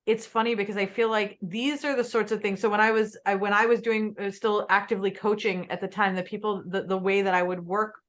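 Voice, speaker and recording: A woman's voice: medium pitch, fairly even intonation, fairly quick, hardly any pauses. A woman podcast host talking casually in an interview, chatty and free with swear words.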